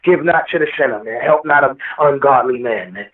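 A man's voice: medium pitch, fairly quick. A man giving a heated, preachy interview, quoting scripture and repeating himself for emphasis. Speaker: rapper guest. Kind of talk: impassioned interview talk. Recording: echoey, distant phone line.

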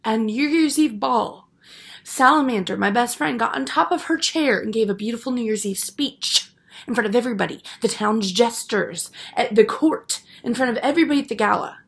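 Guy doing a gravelly fry-voiced girl character, clueless and self-obsessed, rambling on in a comedy bit. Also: very high-pitched, moderate pace, a bit bright, full character voice. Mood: oblivious, aggrieved. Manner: rambling, self-pitying, garbled grammar. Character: vain, oblivious young woman, self-absorbed socialite.

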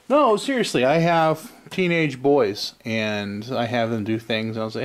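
A man with a medium-pitched voice keeps a measured pace with few pauses as he hosts a casual arcade repair vlog. Set in his cluttered garage, the talk is full of rambling asides, self-interruptions, and chuckles.

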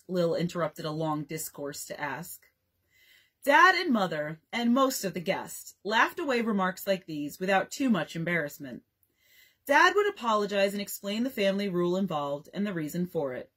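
A woman's voice: fairly low pitch, moderate pace, slightly rough. A young woman librarian reading a bedtime story aloud, giving the dialogue its own voices. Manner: expressive, reads dialogue in varied voices.

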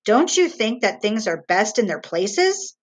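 A woman's voice: mid-range voice, sing-song, unhurried. A woman voicing a stern middle-aged father who reasons firmly with his son. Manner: firm, reasoning, lecturing.

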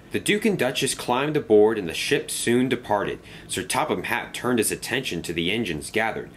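A man reading a children's storybook aloud as narrator, in an expressive, lively way. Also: on the low side, normal speed, hardly any pauses, slight background noise.

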